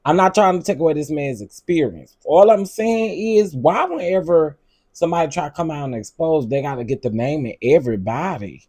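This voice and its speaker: A man's voice: a little high, expressive, fairly quick, darkish tone, breathy edge, no echo. A man hosting a commentary show, giving hesitant, conversational asides. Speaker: commentary host. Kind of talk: casual commentary.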